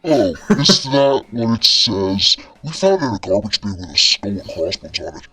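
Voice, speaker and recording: A man's voice: fairly low pitch, sing-song, moderate pace, bright, forceful tone, faint music behind, full character voice. A man voicing a hungry, dopey wolf pack through a voice changer, talking in laid-back goofy slang. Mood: smug.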